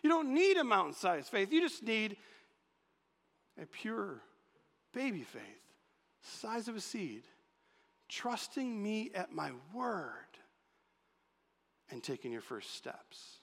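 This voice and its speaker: A man preaching a sermon, animated and acting out quotes in changing voices. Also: high-pitched, slow, vocal fry, long pauses. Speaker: pastor. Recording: long reverb of a large hall.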